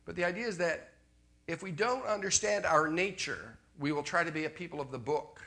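A man's voice: fairly high pitch, fairly quick, sharp tone. A Canadian man preaching a sermon in a conversational way, repeating his refrains and often checking in with the congregation.

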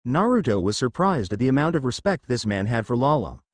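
Male storyteller reading fan fiction, animated, dry close sound. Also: medium pitch, a little fast, no echo. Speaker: narrator.

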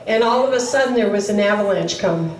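At a chapel service, a woman tells a story conversationally, acting out the quoted dialogue and using casual fillers. Her medium-pitched, darkish voice moves a little fast. The echoey hall places her voice far off, with slight background noise.

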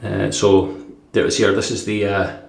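Brief: rambling, easygoing Scottish guy, lowish voice, recorded in a roomy space at home. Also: little pitch movement, moderate pace, creaky. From Dundee, Scotland. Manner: chatty and rambling, with filler words and chuckles. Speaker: shaving vlogger. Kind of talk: casual product review. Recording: echoey room.

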